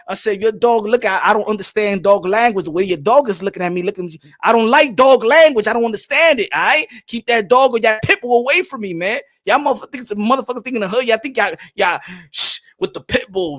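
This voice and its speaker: A man telling casual stories on a boxing podcast, animated and profane, laughing often. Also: sits high, fairly quick. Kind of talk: casual storytelling chat.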